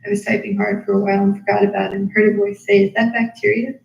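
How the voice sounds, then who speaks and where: A woman reads her own diary aloud in a flat, level voice that hardly moves in pitch, sounding tired after hours of reading. The sound is a roomy, slightly dull livestream capture from an apartment, picked up by another person's device rather than a close mic. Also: fast talker, gravelly, a little hiss or hum. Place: apartment room.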